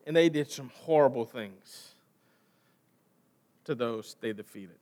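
An American man preaching a sermon, conversational and asking the congregation questions, swinging from loud emphasis to quiet trailing line endings. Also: mid-range voice, takes it slowly. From United States. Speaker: pastor.

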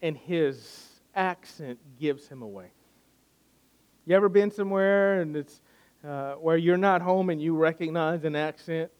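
A man's voice: on the high side, unhurried, darkish tone, smooth. A man preaching a sermon, retelling a scripture story in a conversational way and often restarting with repeated words.

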